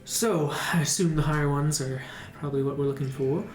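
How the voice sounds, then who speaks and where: A man's voice: on the high side, fairly even intonation, brisk, a little mellow, lightly acted. A man doing a genial priest selling potions. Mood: businesslike. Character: genial male priest running a potion shop. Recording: roomy room, music behind.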